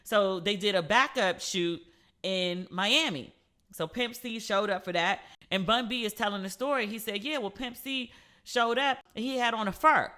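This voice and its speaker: A woman hosting a casual solo podcast, telling stories with playful, animated asides. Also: medium pitch, normal speed. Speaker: podcast host.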